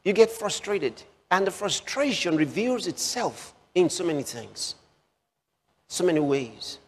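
A man preaching a sermon slowly, repeating key phrases for emphasis with drawn-out pauses. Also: high-pitched, big pitch swings, slightly rough. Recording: long hall reverb.

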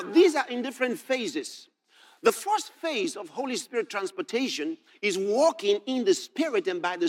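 A man preaching a sermon, reading scripture aloud and expounding it with animated emphasis, sometimes shouting. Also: high voice.

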